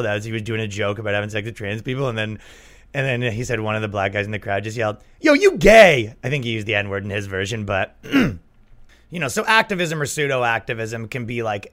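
A man hosting a podcast, telling stories in a rambling, animated casual monologue with frequent laughs. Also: medium pitch. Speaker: podcast host.

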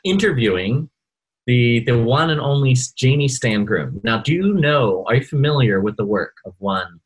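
A man's voice: medium pitch, expressive, moderate pace, slightly rough, low-quality recording. A man co-hosting a podcast, chatting casually and rambling with lots of fillers and restarts. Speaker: podcast co-host.

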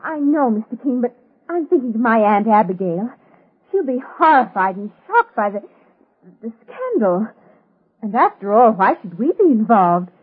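A woman's voice: fairly high pitch, big pitch swings, normal speed, husky, exaggerated voice. An actress playing an anxious, fragile young woman in a 1950s radio drama, breathless and pleading. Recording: tinny old radio broadcast.

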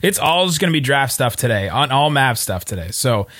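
Bright-voiced man hosting a sports podcast. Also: medium pitch. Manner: joking, relaxed, quick asides. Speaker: podcast host. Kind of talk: casual sports podcast chat.

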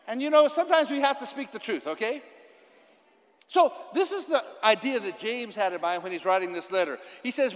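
A high-voiced man preaches a sermon to his church. He is impassioned, building to loud, emphatic declarations. His voice rings with the long reverb of a church hall. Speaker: pastor.

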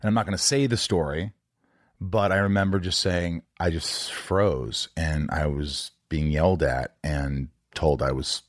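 Deep-voiced man telling an earnest story. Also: fairly even intonation, measured pace, no room sound, studio quality. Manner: earnest, stammering repetitions, swears casually. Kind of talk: candid conversational storytelling.

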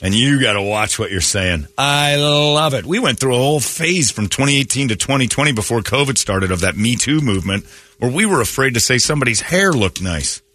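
Animated, ranting male radio host. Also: medium pitch, a little fast. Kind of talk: crude comedic morning radio talk.

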